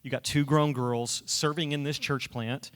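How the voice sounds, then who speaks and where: A man co-hosting a casual church-stage conversation, talking in a halting, self-correcting, friendly way. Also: mid-range voice, fairly even intonation. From United States. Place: church hall. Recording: echoey hall reverb.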